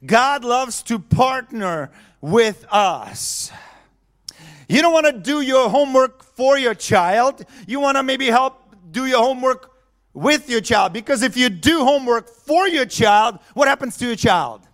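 A man's voice: very high-pitched, expressive, unhurried, a bit bright. A man preaching a sermon in a conversational way, chuckling often and asking the audience questions.

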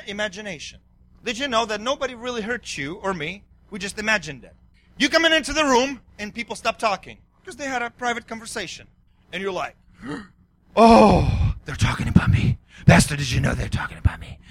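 Man, pastor, sermon, excitable, yelling then quiet, very bright tone. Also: very high-pitched. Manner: excitable, swings between yelling and quiet asides.

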